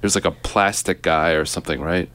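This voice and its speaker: A young man hosting a casual podcast chat with a friend, teasing and firing off quick questions. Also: sits low, fairly even intonation, very noisy. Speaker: podcast host.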